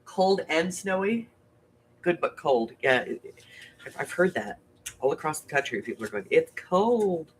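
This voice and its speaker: A woman's voice: low voice, animated, normal speed, pauses often, slight background noise. A woman hosting a casual live crafting stream. She is sick with a cough and rambles as she greets viewers by name. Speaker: craft channel host.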